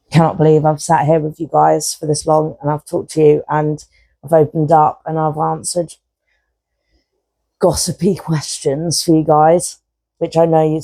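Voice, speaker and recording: A woman's voice: low-pitched, mellow, no echo, poor audio. A woman hosting a podcast, talking frankly and rambling with lots of fillers and casual swearing. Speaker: podcast host. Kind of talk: candid personal monologue.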